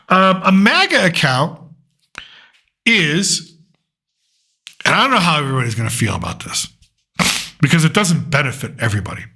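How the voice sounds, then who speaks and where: An American man hosts a casual political commentary show on his own. His voice sits a little high and rings bright and pushy. He rambles and thinks aloud as he works through lists. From United States.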